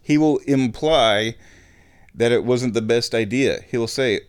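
A man at home, ranting and giving casual opinionated commentary on a football match, often clearing his throat. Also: medium pitch, slow pace, long pauses. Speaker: fan watching a football match.

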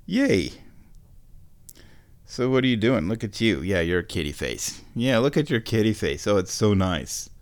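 A man chatting casually on his stream, meandering and correcting himself, and sometimes talking to his cat in a high baby voice. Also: expressive, normal speed, hardly any pauses. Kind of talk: casual rambling chat.

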